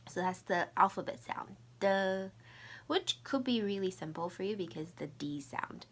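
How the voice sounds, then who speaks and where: A woman teaching a recorded language lesson, running slow repeat-after-me drills and dropping to soft, whispery asides between them. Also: mid-range voice, animated. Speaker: Mandarin teacher.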